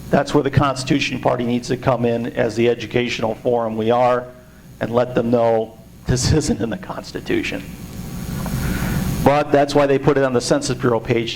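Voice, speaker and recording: A man's voice: medium pitch, creaky, slight background noise, poor audio. A man giving a sarcastic, indignant presentation to a party meeting. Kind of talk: informal speech to a meeting.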